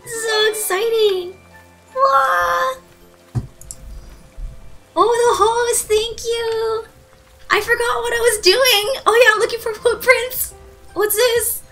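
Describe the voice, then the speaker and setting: A woman streamer with a very high, bright voice chats with her live audience in a bubbly, giggly way. She talks at a slow, easy pace. Faint game music sits behind her. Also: fairly even intonation, creaky, poor audio. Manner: bubbly, gushing, giggly, thanks viewers. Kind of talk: live gaming stream commentary.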